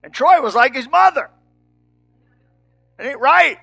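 An older man preaching a sermon, swinging from shouts to soft, low asides. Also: animated, a little slow, creaky.

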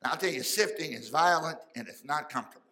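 Male pastor, folksy fervent sermon, bright tone. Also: on the high side, lively intonation, fast talker, poor audio. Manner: fervent, folksy preaching with sudden loud and soft swings.

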